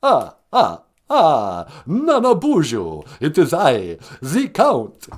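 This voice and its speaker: A man voicing a theatrical old male vampire count with a booming, drawn-out manner and a cackling "ah, ah" laugh. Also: wildly swooping pitch, full character voice. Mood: indignant.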